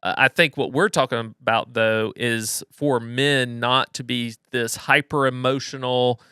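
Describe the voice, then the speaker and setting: A man co-hosting a podcast, talking through his points in a reflective, measured way with frequent restarts. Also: medium pitch, fairly even intonation, bright, forceful tone, smooth, dry recording, studio quality. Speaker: podcast co-host. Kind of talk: casual conversational podcast.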